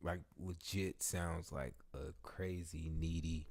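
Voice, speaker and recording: A man's voice: low voice, lively intonation, takes it slowly, warm tone. A man live-streaming, reacting casually to a video in a laid-back, slangy way. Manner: laid-back, slangy, laughs and talks along with clips.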